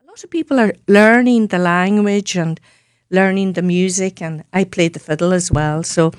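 Irish woman from donegal, radio guest, lowish voice, dry studio sound. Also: fairly even intonation, moderate pace, smooth, dry recording. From County Donegal, Ireland. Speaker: musician guest. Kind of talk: radio interview.

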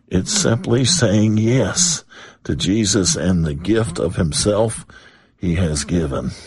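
Slow, husky-voiced male radio preacher. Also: on the low side, darkish tone, no echo. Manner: slow, emphatic, repeats phrases for weight. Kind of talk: sermon.

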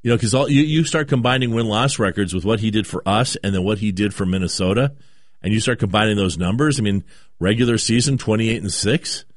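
A man's voice: lowish voice, no echo, clean studio sound. Rambling male sports radio host. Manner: rambling, halting restarts. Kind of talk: casual sports talk.

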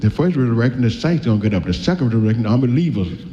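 Folksy preacher in an echoey hall. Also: male voice, mid-range voice, animated, mellow, a little hiss or hum. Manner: folksy, quotes scripture slowly and then speeds up with asides. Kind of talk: sermon. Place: church. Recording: echoey hall, dull lo-fi sound.

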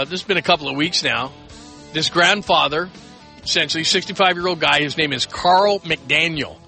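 Bright-voiced rambling radio host man. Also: a little high. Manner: rambling, chatty, lots of fillers and restarts. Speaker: radio sports talk host. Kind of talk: late-night radio talk. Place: radio studio.

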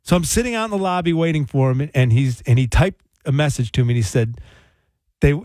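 A man's voice: medium pitch, fast talker, a little mellow, dry recording. A middle-aged man hosting a call-in radio talk show in a studio. He talks casually and with animation, repeating and restarting phrases and chuckling now and then.

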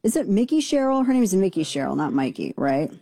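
A woman hosting a talk show, riffing on the news in a sarcastic, mocking way. Her voice is mellow and dark-toned, recorded close and dry with no room sound. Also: a little high, big pitch swings, fast talker, no room sound. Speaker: show host. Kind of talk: casual political commentary.

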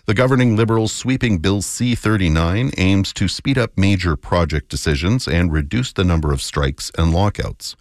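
A man reading the morning news on the radio in a measured, authoritative way. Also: deep voice, darkish tone, no echo, clean studio sound. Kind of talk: newscast reading. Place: radio studio. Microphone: close studio mic.

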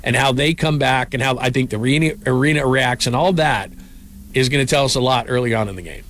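A man's voice: medium pitch, quick pace, a little hiss or hum. A man, once a reporter at basketball finals, talking the game over in a casual sports chat and often repeating his first words. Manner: animated, repeats words as he starts sentences. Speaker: sports commentator.

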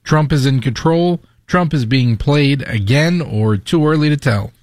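A man on a talk radio show reads out poll results, brisk and matter-of-fact. His voice sits fairly high, and the sound is dry and close. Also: darkish tone, no echo.

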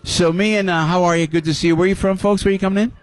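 An older man hosts a live radio broadcast in front of an audience. His voice sits a little high for a man, and he talks in a boisterous, repetitive, crowd-pleasing way. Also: steady tone, very fast, no room sound, soft background music. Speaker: radio host.

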